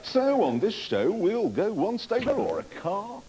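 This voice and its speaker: A man's voice: high voice, wildly swooping pitch, unhurried, low-quality recording. A man hosting a comedy show, delivering a wry, mocking comic monologue to camera. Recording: loud background noise.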